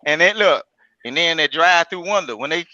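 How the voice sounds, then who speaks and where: A man's voice: a little high, lively intonation, fairly quick, bright, forceful tone, no echo, lo-fi sound. A man with a Southern country accent, chatting on a live stream call in a drawling way, with folksy exclamations. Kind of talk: casual argumentative chat.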